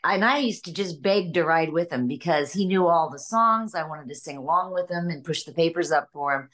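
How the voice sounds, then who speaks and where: A woman's voice: low voice, fairly quick, fairly bright tone. Older woman telling stories with laughs. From Illinois, USA. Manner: chatty, laughs often, mimics family voices. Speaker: voice actress guest. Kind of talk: casual interview storytelling.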